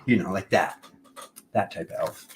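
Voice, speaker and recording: A man's voice: low voice, normal speed, background noise. A man giving a casual, playful tarot reading, rambling between jokes and card meanings. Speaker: tarot reader.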